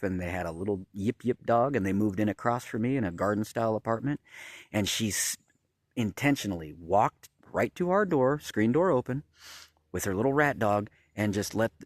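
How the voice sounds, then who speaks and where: A man's voice: lowish voice, no room sound, studio quality. A man filming a rambling, agitated vlog outdoors at a campground, swearing often and pointing things out to his viewers. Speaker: vlogger.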